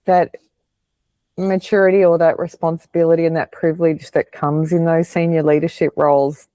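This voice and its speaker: A woman hosting an interview, speaking in a thoughtful, appreciative way with pauses mid-sentence. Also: low voice, level tone, warm tone, no echo. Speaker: podcast host. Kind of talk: reflective interview conversation.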